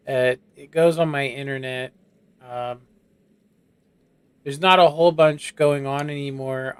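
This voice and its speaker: A man in his forties giving casual, rambling gameplay commentary in a monotone voice while streaming. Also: mid-range voice, clean tone. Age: 40s. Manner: monotone, rambling, self-doubting.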